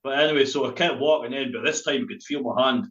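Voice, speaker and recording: A man's voice: medium pitch, fast talker, a bit bright. A Scottish man with a Dundee accent who rambles and laughs through a story, swearing freely and dropping in local slang. His voice sounds echoey and a bit dull. He is a spoken word poet chatting as a podcast guest. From Scotland.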